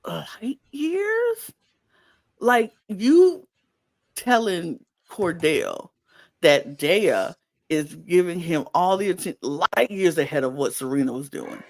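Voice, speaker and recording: A woman's voice: sits low, sing-song, slow, darkish tone. A woman co-hosting a casual podcast, recapping a reality show and acting out quotes in raised voices. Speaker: podcast co-host.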